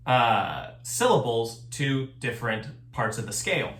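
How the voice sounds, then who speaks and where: A man's voice: medium pitch, very animated, unhurried, a bit bright, reverberant, slight background noise. A man teaching a recorded choir lesson, explaining things patiently and step by step. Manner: patient, step-by-step instruction with sung examples.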